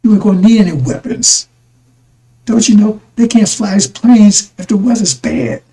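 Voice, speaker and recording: Guy with a dark mellow tone rambling on in a religious broadcast, keeps repeating himself. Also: high voice, expressive, normal speed, low-quality recording. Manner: repetitive, addresses listeners as brothers and sisters.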